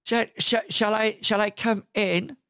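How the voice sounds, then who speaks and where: A man's voice: sits high, fairly even intonation, a little slow, gravelly, pushed and bright, clear, resonant tone, dry recording, clean studio sound, voice pushed up, full character voice. A man voicing a feeble, timid older male messenger who stammers. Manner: hesitant, stammering.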